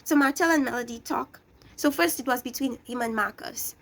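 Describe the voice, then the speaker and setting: A young woman with a high voice and a gravelly edge, ranting through a reality show review. She scolds bluntly and talks straight at the people she criticizes. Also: brisk. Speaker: reality TV recap vlogger.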